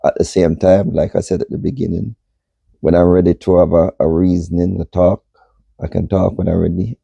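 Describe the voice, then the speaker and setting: A man in his sixties with a deep, gravelly voice that is still hoarse after losing it. He answers in a slow, unhurried, measured way, with long pauses. His tone is dark and husky, and the sound is close and dry. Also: level tone, dry recording, dull audio. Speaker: podcast guest. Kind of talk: reflective interview answers.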